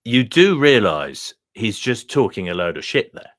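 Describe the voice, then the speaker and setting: A man's voice: fairly low pitch, very animated, a little slow, a bit bright, pitched below the performer's own voice. A man playing a blunt, offhand bloke selling a dog, with a curt manner. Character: gruff blunt male dog seller.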